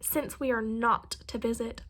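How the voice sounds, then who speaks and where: A fussy, excitable middle-aged mother, read by a woman in a period storybook. The voice is high and full of complaint, fretting over her nerves and her daughters. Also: a little slow. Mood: fretful.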